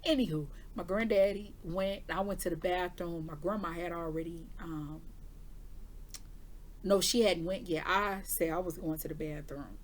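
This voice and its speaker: A woman's voice: on the low side, normal speed, a little hiss or hum. A woman who does intuitive readings, telling her viewers a personal story in a candid, chatty way. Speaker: intuitive reader giving weekly forecasts.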